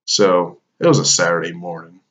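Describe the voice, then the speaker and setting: A man's voice: sits low, expressive, moderate pace, fairly bright tone. A man telling a casual anecdote, loose and full of swearing and fillers. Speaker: storyteller.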